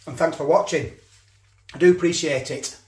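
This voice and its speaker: A man's voice: on the high side, normal speed, darkish tone, echoey room. A man casually reviewing a ready meal, chatting and eating as he talks, with cutlery clinking. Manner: chatty, eats while talking, repeats himself. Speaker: food reviewer.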